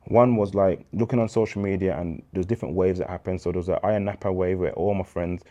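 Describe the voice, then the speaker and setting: A man in his thirties with a very low, deep voice. He tells his faith story as an interview guest, in street slang, and acts out the dialogue. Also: fairly even intonation, fast, mellow. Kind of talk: candid faith testimony.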